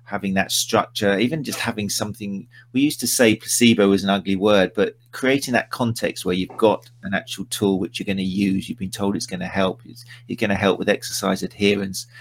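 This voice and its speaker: Chatty gravelly-voiced male host. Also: on the low side, steady tone, a little fast, few pauses, slight background noise. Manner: chatty, teasing, rambling. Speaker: podcast host. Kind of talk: casual live-stream chat.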